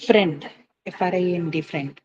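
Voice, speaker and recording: A woman teacher giving a classroom lecture, explaining step by step and often checking understanding with quick "right?" and "okay?" questions. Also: fairly low pitch, muffled recording, crowd noise. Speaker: English teacher. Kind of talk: classroom lecture on word stress.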